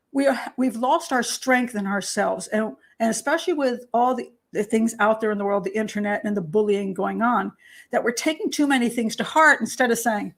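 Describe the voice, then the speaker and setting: An older American woman talks casually on her own show, her voice sitting a bit high. She is lively and chatty, laughs often, and acts out the voices of the people she quotes. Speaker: host and criminal profiler. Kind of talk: casual talk show monologue.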